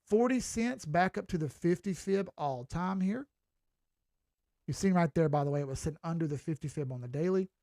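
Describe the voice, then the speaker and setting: Chatty Southern man with a gravelly voice. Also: a little high, fairly quick, mellow, no echo, clean studio sound. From Southern United States. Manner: folksy, chatty, mild swearing. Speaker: crypto chart analyst. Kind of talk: casual market commentary.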